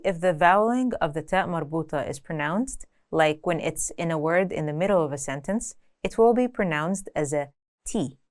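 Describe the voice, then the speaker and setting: Clear, measured woman teaching a lesson. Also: on the low side, darkish tone. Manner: clear, deliberate, slows down for example words. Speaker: language teacher. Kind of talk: scripted lesson narration.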